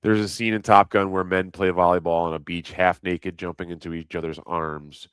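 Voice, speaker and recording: A man's voice: deep voice, level tone, normal speed, fairly bright tone, clean tone, no room sound. A middle-aged man rambling crudely in a casual livestream chat, reading comments aloud and laughing at himself.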